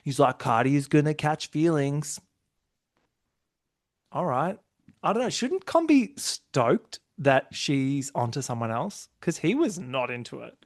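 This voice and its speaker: A man hosting a casual podcast chat, animated and laughing often as he acts out quotes in exaggerated voices. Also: medium pitch, unhurried, no echo, studio quality. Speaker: podcast host.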